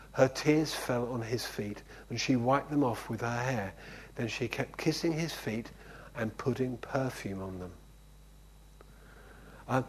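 A man's voice: mid-range voice, slightly rough, low-quality recording. A man preaching an informal sermon in a conversational way, often checking in with "okay?". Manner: conversational, keeps asking "okay?".

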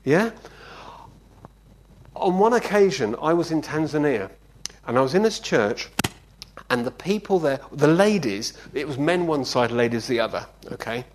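A man's voice: on the high side, normal speed, a little hiss or hum. A man preaching a conversational sermon. He tells anecdotes and often checks in with his listeners. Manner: animated storyteller, often checking in with "yeah?".

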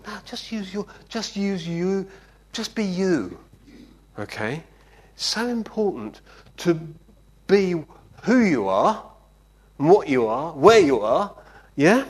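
A man preaching in a relaxed, storytelling way, his voice rising and falling widely. He speaks slowly and often pauses to check that his listeners are following him. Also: sits high, husky. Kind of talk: conversational sermon with anecdotes.

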